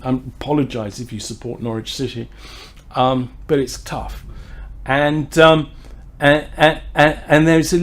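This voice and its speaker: A man's voice: medium pitch, level tone, a little slow. A man hosts a wine tasting, telling a story in a chatty, rambling way full of fillers and restarts. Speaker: wine society host. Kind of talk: casual anecdote and wine tasting talk.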